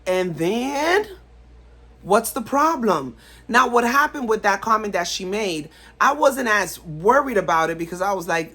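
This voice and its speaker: A woman's voice: medium pitch, lively intonation, unhurried, fairly bright tone, husky. A woman vlogger talking straight to camera in a blunt, emphatic way, often repeating herself for stress. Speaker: vlogger giving life advice. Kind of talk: casual talk to camera.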